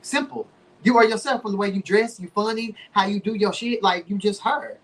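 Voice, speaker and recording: A man hosting a podcast, recapping a reality show in casual slangy chat with lively swings in pitch and playful sound effects. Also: a little fast, a little hiss or hum. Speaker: podcast host.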